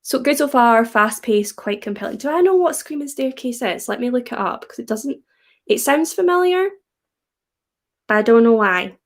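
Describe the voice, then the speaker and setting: A young woman with a soft Scottish accent, her voice sitting a little high. She hosts a relaxed livestream, chatting and reading viewer comments aloud with easy laughter. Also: normal speed. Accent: Scottish, softened by English. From Scotland. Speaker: livestream host. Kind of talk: casual livestream chat.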